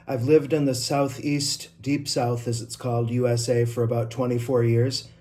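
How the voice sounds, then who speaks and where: A man's voice: medium pitch, flat delivery, moderate pace, dark tone. A middle-aged man with an Inland North American accent from upstate New York, an IT trainer talking casually to camera, personal and full of asides. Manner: chatty and personal, with asides and self-corrections. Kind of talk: casual vlog talk to camera.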